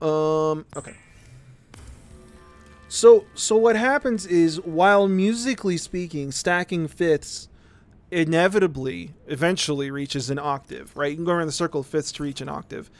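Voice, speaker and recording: A male streamer with a fairly high, clean-toned voice rambles casually through music theory while playing a game. He repeats words and keeps checking in with "right?"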